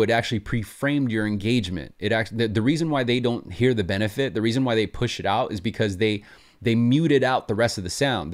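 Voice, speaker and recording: A man coaching listeners on sales in a casual, animated talk, acting out sample calls along the way. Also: medium pitch. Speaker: sales trainer.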